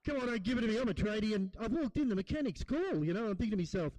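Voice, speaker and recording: Blokey Australian stand-up comedian. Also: male voice, high-pitched, animated, racing, hardly any pauses, a little mellow, dry recording, poor audio. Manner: rambling, blokey banter with the crowd. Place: comedy gig in a hall.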